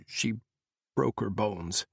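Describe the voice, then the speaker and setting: A man voicing an injured male president who asks quiet, halting, hoarse questions. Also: lowish voice, dry recording, clean studio sound, heavily acted. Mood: dazed.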